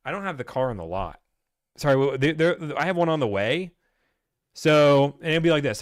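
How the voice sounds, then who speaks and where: A man hosting a casual Q&A stream, blunt and ranting, acting out salesmen in quick put-on voices. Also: on the high side, very animated, no echo, studio quality. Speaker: host answering viewer questions. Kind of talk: casual livestream Q&A.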